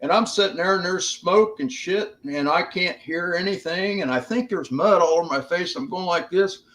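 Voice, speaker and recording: Older man, American, plainspoken, casual storytelling, slightly raised pitch. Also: normal speed, a bit bright. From United States. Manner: plainspoken, swearing, laughing through stories. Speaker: guest, veteran.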